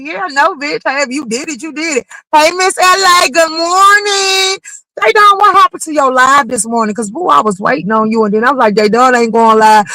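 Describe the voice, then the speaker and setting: A high, bright-voiced woman runs a casual gossip livestream and talks back to her chat. She speaks bluntly, swears freely and keeps the energy animated. The sound is close and dry, with no room around her. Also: no room sound, rough recording. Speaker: livestream commentary host.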